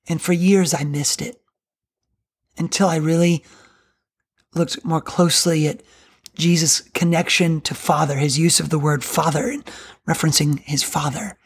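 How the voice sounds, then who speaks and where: A woman gives earnest podcast Bible teaching in a husky, lowish voice. She talks slowly and with emphasis, and takes her time reading scripture aloud.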